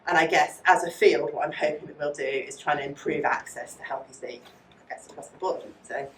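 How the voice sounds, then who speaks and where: A woman lecturer, giving a fast, chatty academic talk with many fillers and taking audience questions. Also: low voice, fairly even intonation, background noise. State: out of breath. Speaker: psychology lecturer. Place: lecture hall. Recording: echoey room, distant mic.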